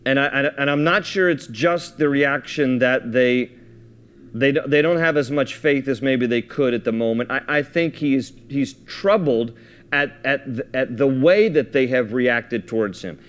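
A pastor delivers a sermon, reading scripture aloud and then explaining it conversationally, thinking aloud and frequently repeating or restarting words. His voice is medium-pitched, smooth and a little slow.

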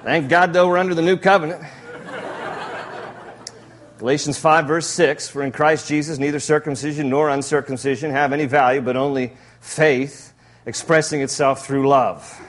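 A male pastor preaching a sermon in an animated, jokey way with frequent laughs. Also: a little high, normal speed, slight background noise.

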